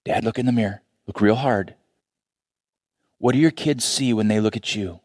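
A man's voice: a little slow, long pauses, husky, no echo, studio quality. A middle-aged male pastor preaching a sermon, telling a story with energy and acting out the voices of its characters. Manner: animated storytelling, acting out voices with big pitch jumps.

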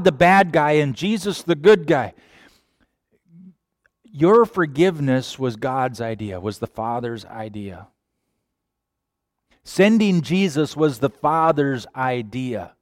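A man preaching a sermon, animated, sometimes acting out quoted voices. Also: mid-range voice, no room sound, clean studio sound. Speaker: pastor.

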